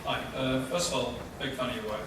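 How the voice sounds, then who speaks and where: A man's voice: medium pitch, fairly even intonation, quick pace. A man in the audience asking the guest a polite, slightly hesitant question. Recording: echoey hall, noisy, from far off.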